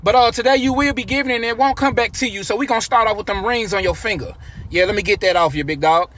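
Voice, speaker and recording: High, bright-voiced man in a comedy skit. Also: quick pace, slight background noise. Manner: loud and slangy, swings to shouting. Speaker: comedy sketch creator.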